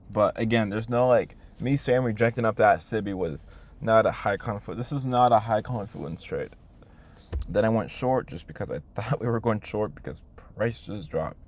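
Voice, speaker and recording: A man's voice: lowish voice, expressive, moderate pace. A young man, a day trader, recording a frustrated video diary and scolding himself in the second person, swearing heavily. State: hungry. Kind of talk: self-talk video diary.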